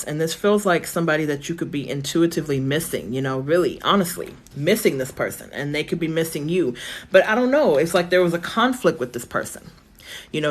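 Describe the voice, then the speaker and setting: A woman giving a live-stream tarot reading from her phone, chatty and reassuring, thinking aloud with lots of fillers, her voice going hoarse. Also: lowish voice. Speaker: tarot reader.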